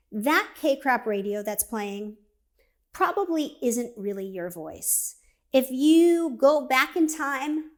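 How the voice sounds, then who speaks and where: A woman giving a conversational motivational talk, energetic and direct, acting out inner voices as she speaks. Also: a little high. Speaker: speaker and coach.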